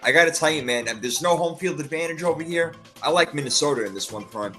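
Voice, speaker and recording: A man co-hosting a casual sports podcast, reacting quickly and laughing often as he makes his picks. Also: fairly high pitch, animated, pushed and bright, faint music behind. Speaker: podcast co-host.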